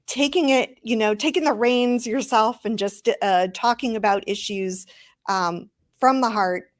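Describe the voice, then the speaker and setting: A woman in her fifties answers as a panel guest. She speaks earnestly and haltingly, often repeating words as she gathers her thoughts. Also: fairly high pitch. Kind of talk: panel conversation.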